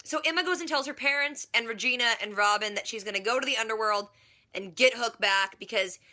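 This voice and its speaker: Woman vlogger, TV recap; sarcastic, rambling, lots of "like"; sharp bright tone. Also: on the high side, fairly quick. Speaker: TV reaction vlogger. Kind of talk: casual TV episode recap.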